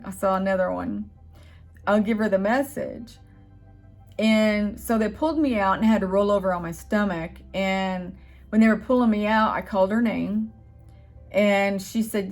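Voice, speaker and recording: A woman's voice: mid-range voice, normal speed, faint music behind. A woman telling a personal spiritual story in a casual vlog, earnest and rambling, with hesitations and restarts. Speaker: channel host.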